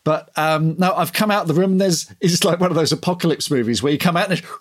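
A man's voice: fairly high pitch, fast, background noise. A man co-hosting a podcast, telling playful stories in casual chat. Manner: animated, playful storytelling. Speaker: podcast co-host.

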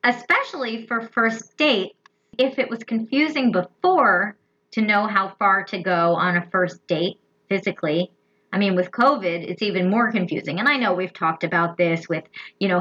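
A woman's voice: on the low side, moderate pace, fairly bright tone, muffled recording. A woman co-hosting a podcast, chatting playfully and telling a candid personal story. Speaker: podcast co-host. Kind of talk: casual chat and personal storytelling.

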